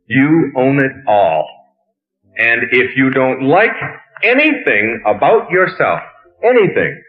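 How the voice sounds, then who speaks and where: A middle-aged man giving a motivational talk with lively, playful storytelling and rhetorical questions. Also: medium pitch. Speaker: motivational speaker. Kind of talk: talk to an audience. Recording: tinny phone-like old radio recording.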